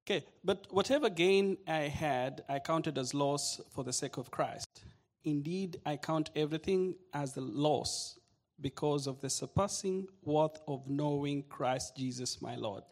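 A man reading a passage of scripture aloud in church, slowly and carefully, restarting once to slow down. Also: on the high side, darkish tone. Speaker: scripture reader.

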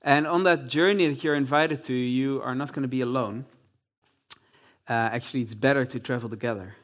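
Male preacher, sermon, emphatic, repetitive phrasing, mid pitch. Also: fairly quick. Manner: emphatic, repeats key phrases.

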